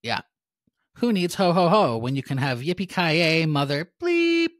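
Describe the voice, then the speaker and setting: A woman's voice: low voice, animated, moderate pace, no echo. A woman co-hosting a podcast, reading out a list of movies and giving dry, understated reactions in casual chat. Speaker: podcast co-host.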